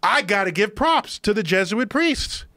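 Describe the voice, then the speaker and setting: A man explaining something to a podcast host in an emphatic, excitable lecturing manner. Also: high voice, normal speed, dry recording. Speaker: podcast guest. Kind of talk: animated explanation in conversation. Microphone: studio podcast microphone.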